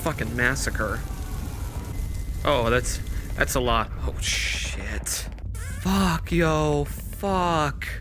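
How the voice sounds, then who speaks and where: A man's voice: medium pitch, extremely slow, over music. A man streaming a horror game, jumpy and swearing constantly, with nervous laughter. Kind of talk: live horror game commentary.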